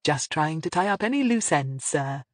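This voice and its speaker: A narrator doing a crisp, probing detective woman. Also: deep voice, animated, moderate pace, no room sound. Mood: bright. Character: shrewd, crisp woman police inspector.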